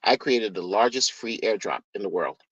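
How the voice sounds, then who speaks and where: Dude doing a super deep hushed crypto savior voice, all grand and solemn, dull lo-fi sound. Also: male voice, expressive, normal speed, slightly rough, no room sound. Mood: solemn, grandiose. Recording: dull dry lo-fi recording.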